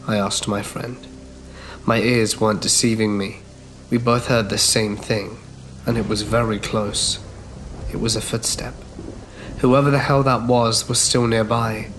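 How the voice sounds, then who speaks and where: Man narrating a horror story calmly. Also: medium pitch. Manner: measured first-person storytelling. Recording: faint background music.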